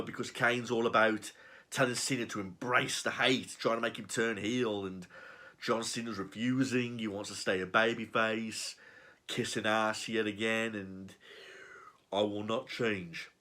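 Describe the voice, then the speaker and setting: A man's voice: mid-range voice, a bit bright. A man giving a sarcastic, profane, exasperated rant reviewing a wrestling show. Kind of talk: ranting review.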